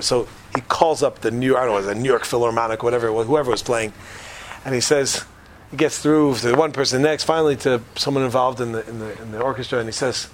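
A man telling a story casually to a group, animated, with frequent restarts and quick asides. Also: medium pitch, slight background noise.

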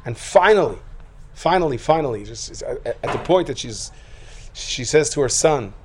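A man preaching a sermon, his voice at an ordinary middle pitch. He spins stories and jokes, acting out the people in them and building to loud peaks. A faint noise sits under the recording. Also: moderate pace. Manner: lively storyteller who acts out quotes, rising to loud outbursts. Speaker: rabbi giving a talk.

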